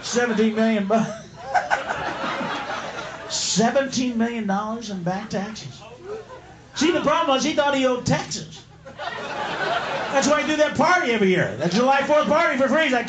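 A man's voice: very high-pitched, animated, normal speed, pauses often, very noisy. A man doing a stand-up comedy routine on a club stage, ranting profanely with sudden screaming bursts. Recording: live club recording, echoey, loud crowd. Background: crowd laughter and applause.

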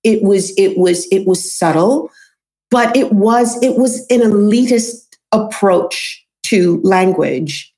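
A woman's voice: mid-range voice, takes it slowly, dark tone. Emphatic New York woman coach. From New York City. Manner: emphatic, repeats herself for stress. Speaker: voice and accent coach, author. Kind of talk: interview guest, passionate talk.

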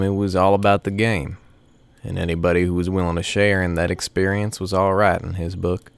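A man narrating a first-person story in a folksy, unhurried way. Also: low voice, creaky, no echo.

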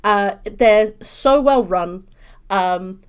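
A young woman from London with a British accent, a guest chatting in an interview, bubbly and expressive. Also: mid-range voice, extremely slow, clear, resonant tone. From London, England. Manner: bubbly, expressive, swings into animated voices. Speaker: podcast guest. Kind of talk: casual interview chat.

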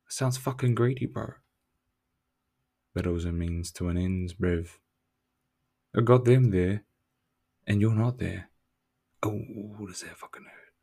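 A young man delivers a casual motivational monologue as a podcast host. He talks in a blunt, swearing, in-your-face way and pushes the listener hard. His voice sits on the low side. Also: dark tone. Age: young adult. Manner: blunt, profane, confrontational pep talk.

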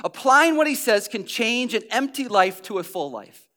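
A man's voice: very high voice, very animated, moderate pace, sharp tone. A pastor preaching a conversational sermon, repeating phrases for emphasis and often restarting his sentences.

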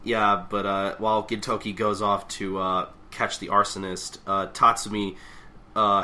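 A man's voice: on the low side, sharp tone. A man co-hosting a podcast in casual chat, rambling and hesitant with many fillers. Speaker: podcast co-host.

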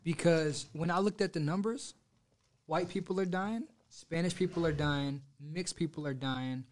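A man in casual podcast chat, animated and arguing in quick bursts. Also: on the high side.

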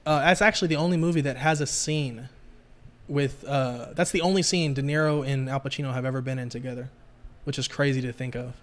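A man hosting a casual podcast, talking excitably with lots of swearing and fillers. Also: mid-range voice, fairly quick. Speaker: podcast host. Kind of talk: casual chat.

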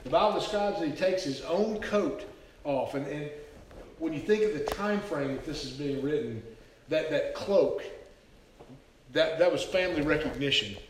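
Preacher echoing in a big hall. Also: male voice, fairly high pitch, moderate pace, slight background noise. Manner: earnest storytelling, frequent stammered repeats. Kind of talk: sermon. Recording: very echoey hall, speaker far from mic.

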